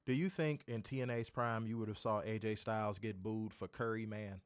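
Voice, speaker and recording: Co-hosting a wrestling review podcast, a man with a lowish, steady, clear and resonant voice speaks at a moderate pace in casual chat. He rants in an exasperated way, swearing and repeating points for emphasis. The dry recording is studio quality.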